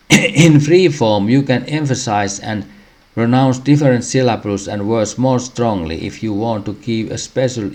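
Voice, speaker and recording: Slow, deep-voiced man reading a lesson. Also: darkish tone. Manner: halting, frequent throat clearing. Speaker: language teacher.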